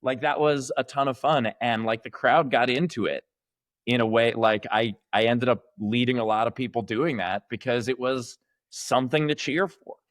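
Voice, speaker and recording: A man's voice: medium pitch, moderate pace, no room sound, clean studio sound. A man around forty co-hosting a podcast, talking emphatically and acting out mocking cheers. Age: late 30s to early 40s. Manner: emphatic, voices mock cheers loudly. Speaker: podcast co-host. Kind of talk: casual opinion chat.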